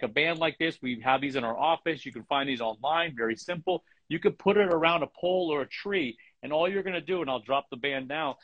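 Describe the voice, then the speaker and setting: A man giving brisk posture advice. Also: on the high side, fairly bright tone, muffled recording. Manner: explains step by step, then emotional and halting. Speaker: chiropractor giving a health segment. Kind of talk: instructional talk on a livestream show.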